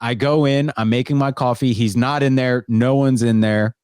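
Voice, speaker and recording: A laid-back young man co-hosting a casual podcast, joking and leaning on fillers like "like" and "um". He speaks at an ordinary middle pitch, recorded dry and close. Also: fairly even intonation, moderate pace, darkish tone, smooth, dry recording. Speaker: podcast co-host. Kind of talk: casual chat.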